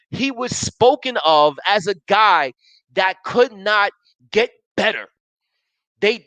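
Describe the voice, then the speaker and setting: Emphatic sports talk host, dry sound. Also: male voice, sits high, a bit bright, no room sound, low-quality recording. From Buffalo area, US. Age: 30s. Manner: emphatic, repetitive, restarts sentences. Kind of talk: live sports talk show, reading viewer comments.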